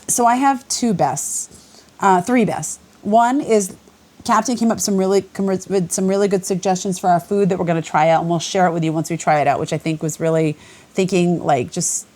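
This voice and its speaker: A chatty woman talks through her trail day in a loose, rambling way, slightly low in pitch. She laughs easily and wanders between thoughts. It sounds like a casual evening vlog recorded in a small room. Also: moderate pace, a little mellow. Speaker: vlogger hiker. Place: indoor lodging room by a creek.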